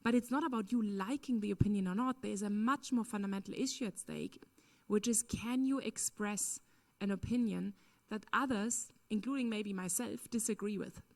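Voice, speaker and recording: A woman's voice: medium pitch, moderate pace, a little mellow. A woman speaks at a conference with a mid-range voice. She answers a question earnestly and emphatically. Her talk is full of "um" and "you know". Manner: earnest, emphatic, frequent fillers. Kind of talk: lecture Q&A answer.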